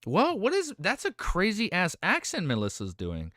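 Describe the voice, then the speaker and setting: A male streamer chatting excitedly and casually during a live reaction stream, swearing now and then. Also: high-pitched, moderate pace, dry recording, clean studio sound.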